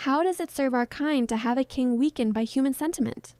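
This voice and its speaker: A woman's voice: high voice, a little fast, dark tone, dry recording, lightly acted. A woman voicing an ancient, menacing male vampire lord who speaks with cold, mocking condescension. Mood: cold contempt.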